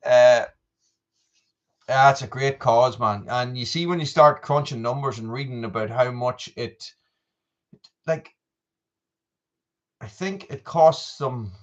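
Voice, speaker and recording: A man's voice: fairly low pitch, a bit bright, highs cut off. A man, chatting casually and rambling on a live stream, full of asides and restarts. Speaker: vlogger doing a live chat.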